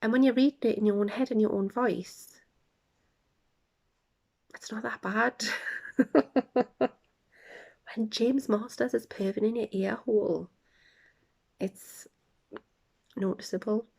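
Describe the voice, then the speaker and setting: A woman's voice: fairly high pitch, fairly even intonation, takes it slowly, vocal fry, long pauses, a little mellow. Chatty woman, laughing asides. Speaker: podcast host. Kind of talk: casual chat.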